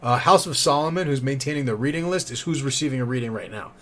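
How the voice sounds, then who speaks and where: A man's voice: mid-range voice, quick pace. A man streaming tarot readings live, chatting casually, rambling and thanking viewers by name. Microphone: studio condenser mic.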